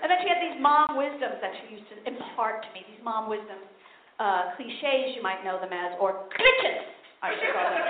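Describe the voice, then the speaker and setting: A middle-aged woman works through a stand-up set, high-pitched and brassy, landing punchlines with sudden loud bursts. The recording is thin and tinny, with a roomy echo and steady noise behind her. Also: normal speed. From New York City. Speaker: stand-up comedian. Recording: tinny lo-fi recording in an echoey room.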